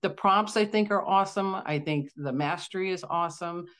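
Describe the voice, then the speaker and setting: Enthusiastic low-voiced middle-aged woman. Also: normal speed, a bit bright. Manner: enthusiastic, acts out quoted voices in her stories. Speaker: client guest. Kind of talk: candid testimonial chat.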